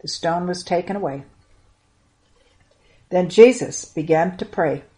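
A woman telling a Bible story to children, earnest and expressive, lingering on the moving parts. Her voice sits somewhat low for a woman. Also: a little slow.

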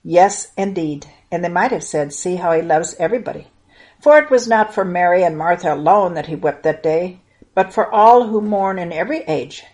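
A woman reading a Bible story aloud to children in an earnest, expressive way. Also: mid-range voice.

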